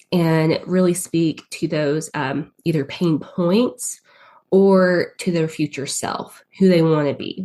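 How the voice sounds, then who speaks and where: Low-voiced Southern woman with a cold. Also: darkish tone. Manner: chatty, lots of ums and likes. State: has a cold. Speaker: guest, paid ads strategist. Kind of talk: casual podcast interview.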